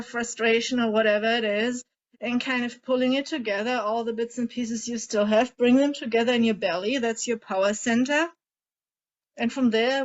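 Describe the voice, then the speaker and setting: Gentle coaxing woman coach, lo-fi audio. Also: on the high side. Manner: gentle, coaxing, asks many guiding questions. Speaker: emotional eating coach leading a group session. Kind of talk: guided tapping and emotion-release exercise.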